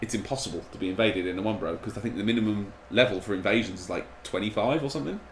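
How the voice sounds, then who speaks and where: Low-voiced man chatting while gaming. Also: rapid-fire, reverberant, a little hiss or hum, low-quality recording. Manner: rambling, distracted while playing. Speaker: gaming streamer. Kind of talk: casual gameplay chat.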